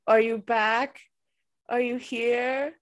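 Giggly higher-voiced woman podcaster. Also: slow pace. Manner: giggly, animated, laughs often. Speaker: podcast co-host and tarot reader. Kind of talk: casual chat. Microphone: video call.

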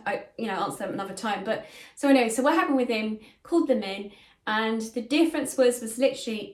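A woman's voice: fairly high pitch, a little mellow. A middle-aged woman, earnestly telling a personal story as a spiritual medium in a casual, conversational way, recorded in a bedroom at home. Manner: earnest, conversational, with frequent fillers. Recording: echoey room.

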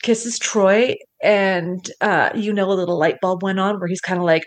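A woman's voice: mid-range voice, fairly even intonation, normal speed, few pauses. A woman co-hosting a podcast, recapping an episode in a playful, chatty way with lots of fillers, over a video call. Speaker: podcast co-host. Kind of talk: casual chat recapping an episode.

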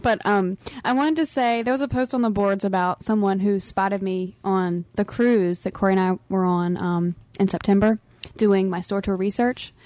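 A woman's voice: medium pitch, steady tone, moderate pace, a little mellow, dry recording. A young woman co-hosting a casual roundtable podcast, laughing often as she presents her store tour segment. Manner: giggly, laughs often between phrases.

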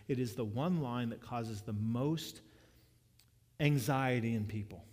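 A man's voice: medium pitch, big-room sound. A man preaching a sermon, telling a story in a conversational way with frequent restarts. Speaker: pastor.

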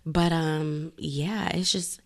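A woman's voice: low-pitched, slow pace. A woman in her thirties co-hosting a casual podcast, talking bluntly and with plenty of profanity. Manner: blunt, profane and animated, laughing often. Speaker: podcast co-host.

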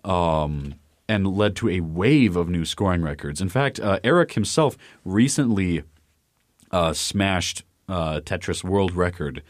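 Expressive and measured, a man with a low voice co-hosts a podcast, making casual conversation full of fillers and restarts as he rambles. The recording is dry and studio quality.

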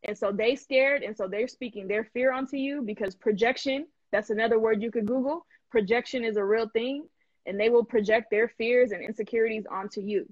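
Animated slangy woman hosting a live stream. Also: fairly high pitch, brisk, no echo, dull audio. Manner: animated, laughing, slangy and emphatic. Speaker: host. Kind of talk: casual live-stream chat.

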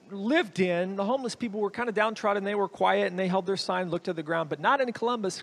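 As a guest speaker delivering a sermon, a man with a fairly high voice tells a story vividly. He swings with lively shifts in pitch and loudness, moving from quick, loud stretches to low, quiet asides.

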